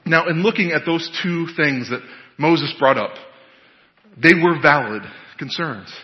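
A man preaching a sermon, telling a story with animated emphasis and hesitant fillers, recorded in an echoey hall with a dull, lo-fi sound. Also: on the high side, a little slow. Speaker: pastor.

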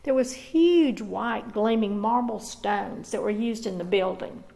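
A woman pastor delivers a sermon in a measured, earnest manner. Her voice sits a little higher than most and carries a gravelly, creaky texture. She paces her words with deliberate pauses. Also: dark tone, low-quality recording.

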